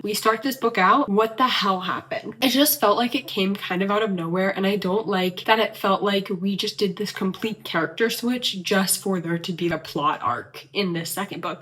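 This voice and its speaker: A woman's voice: mid-range voice, fairly bright tone. A young woman from the American South chatting casually in a reading vlog, gushing and rambling with lots of fillers. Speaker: book vlogger.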